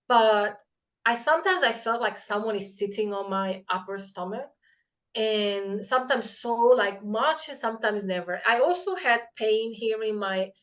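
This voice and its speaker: A woman in casual conversation, telling a personal story with lots of fillers and animated quoted voices. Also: on the high side. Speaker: podcast host.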